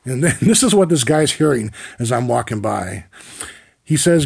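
A man's voice: medium pitch, animated, normal speed, creaky, husky. A man in his forties hosting a podcast, telling a story in a wry, profane, rambling comic monologue. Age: 40s. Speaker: podcast host.

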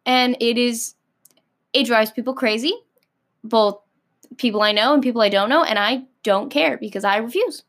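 An American woman with a slightly high voice talks in a loose, rambling vlog rant, leaning on "like" at every turn. She is blunt and sassy and swears without a second thought. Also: moderate pace, fairly bright tone. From United States. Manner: filler-heavy, frequent "like". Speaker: vlogger. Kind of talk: casual ranting monologue.

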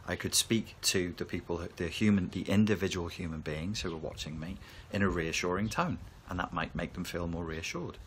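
A man talking to camera as a therapy coach, calm and reassuring as he explains. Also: deep voice, normal speed, few pauses, slight background noise. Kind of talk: reflective talk to camera.

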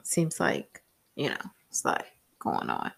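A woman talking frankly in a rambling personal vlog about parenting and communication, swearing casually. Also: slow. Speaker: parent vlogger.

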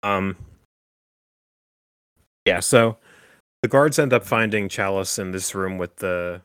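A man's voice: low-pitched, slow, a bit bright, smooth, no room sound. A man hosting a podcast, recapping a horror film in casual chat, full of "like" and "um". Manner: rambling, filler-heavy with frequent "like" and "um". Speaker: podcast host.

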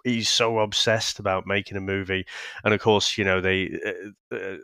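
A man's voice: sits low, level tone, moderate pace, pushed and bright, clear, resonant tone, no room sound, clean studio sound. A man co-hosting a podcast, swearing, laughing often and restarting his sentences as he chats casually about a film. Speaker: podcast co-host reviewing films. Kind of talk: casual film review chat.

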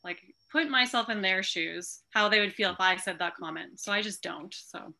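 A woman's voice: medium pitch, moderate pace, creaky, sharp tone. A woman speaking as a podcast guest in casual chat, earnest and heartfelt, with frequent "like"s. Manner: earnest, heartfelt, says "like" often.

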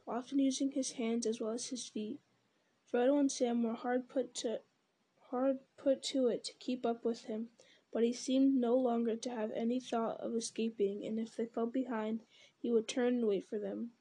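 Mellow-voiced woman reading a story aloud. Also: on the high side, steady tone, moderate pace, slightly rough. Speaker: audiobook reader. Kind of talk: storybook narration.

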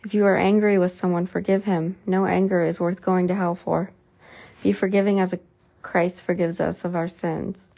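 A woman's voice: on the low side, flat delivery, moderate pace, creaky, dark tone. A woman reading a religious book aloud in an earnest, pleading way.

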